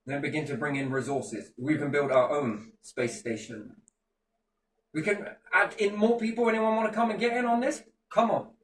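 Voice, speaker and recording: A man's voice: on the high side, fairly even intonation, normal speed, a little hiss or hum. A British man talking in passionate, sweary rants during a casual chat. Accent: British English. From Britain. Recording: echoey room, distant mic, faint ambience.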